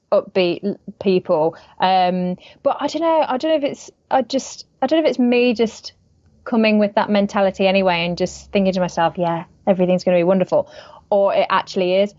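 A woman's voice: medium pitch, darkish tone, dry recording, lo-fi sound. A British woman, an actress, chatting casually in an interview, laughing often and rambling as she thinks. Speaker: actress, guest.

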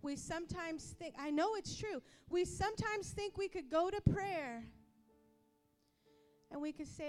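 A woman preaching a sermon with passion, acting out quoted voices and rising to yelling at times. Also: sits high, expressive, a little slow, faint music behind.

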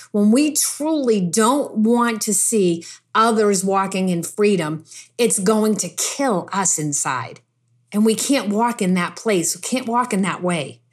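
A woman preaching a sermon in an emphatic, conversational way, repeating phrases for stress and dropping casual asides between scripture readings. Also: mid-range voice.

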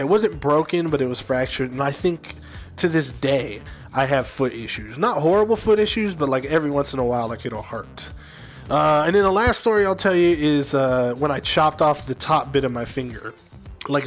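A young man casually telling personal stories to his viewers in a rambling way, full of fillers and asides. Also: mid-range voice. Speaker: gaming video host.

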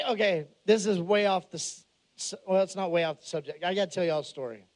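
A man preaching a humorous storytelling sermon, animated and joking, shouting some lines for emphasis. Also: high voice, fast. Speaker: pastor.

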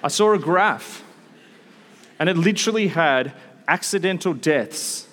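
Animated male preacher in a reverberant hall. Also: on the high side, measured pace. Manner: animated storytelling with asides. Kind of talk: sermon. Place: large hall with an audience.

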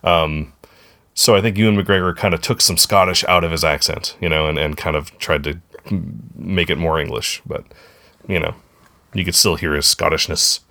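Very deep-voiced male podcast host. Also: fairly even intonation, normal speed, pushed and bright. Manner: rambling, self-correcting, friendly. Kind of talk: casual chat.

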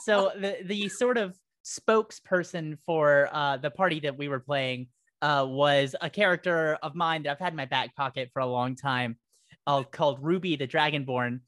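A man's voice: on the high side, normal speed, fairly bright tone, dry recording, clean studio sound. A man talking casually and cheerfully about playing tabletop games with friends. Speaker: podcast guest, tabletop player. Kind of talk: casual chat.

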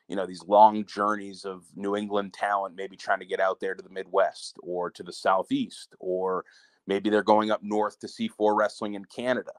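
A man's voice: lowish voice, dry recording. A man co-hosting a wrestling preview show, talking candidly and with heat, sometimes swearing. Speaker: wrestling promotion co-host. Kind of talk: casual podcast chat.

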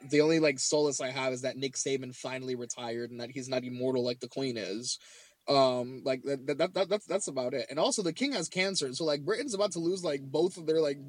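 A man's voice: medium pitch, dry recording. A man in casual podcast chat who jokes and rambles, filling his talk with "like" and repeated words. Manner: joking, rambling, heavy use of "like" and repeated words.

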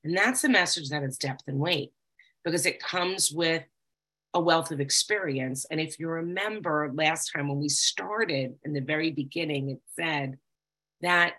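A woman's voice: low voice, measured pace, bright, forceful tone. A woman giving candid personal testimony to a group, talking conversationally with frequent fillers. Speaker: recovery group speaker.

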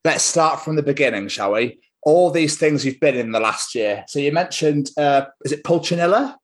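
A man's voice: fairly high pitch, animated, normal speed. A man co-hosting a podcast, steering the talk with friendly questions. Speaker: podcast co-host. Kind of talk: casual interview chat.

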